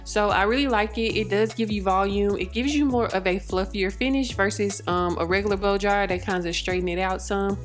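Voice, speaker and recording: A woman's voice: medium pitch, steady tone, fairly quick, hardly any pauses. Young woman, chatty, rambling, laughing often, tutorial voice-over, faint music behind. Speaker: beauty vlogger.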